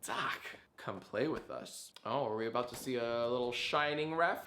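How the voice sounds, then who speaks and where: A man in his thirties, a streamer giving casual, jokey reaction commentary with quick asides. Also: medium pitch, reverberant, background noise. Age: 30s.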